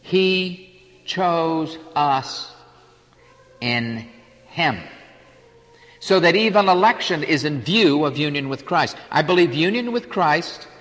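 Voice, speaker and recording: A man preaching a sermon, emphatic, swinging between loud declarations and quiet asides. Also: fairly high pitch, animated, slow, pauses often. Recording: hall reverb.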